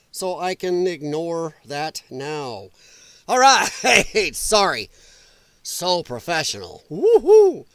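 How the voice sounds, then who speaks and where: A man's voice: fairly high pitch, fairly bright tone, dry recording. A man hosting a live political talk stream from home, rambling and sarcastic in a casual commentary style. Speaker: political livestream host.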